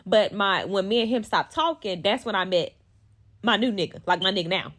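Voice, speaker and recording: A woman telling a story casually and dramatically, animated and full of swearing. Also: mid-range voice, brisk. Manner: animated, profane, dramatic retelling.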